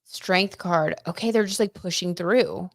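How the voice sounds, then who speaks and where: Speaking at a measured pace in a fairly low voice, this woman runs a relaxed tarot livestream, reading viewers' comments out loud and peppering her chat with "like" and "I don't know." The studio-quality sound has no echo.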